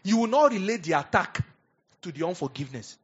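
Animated pastor, husky voice. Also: male voice, high voice, brisk, lo-fi sound. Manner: animated preaching, swings from hushed asides to loud emphatic bursts, laughs often. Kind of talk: sermon.

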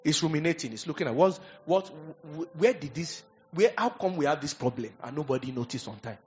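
A man preaching a sermon, animated and conversational, acting out little scenes as he goes. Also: on the high side, fairly quick, lo-fi sound. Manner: animated preaching with acted asides. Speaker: pastor.

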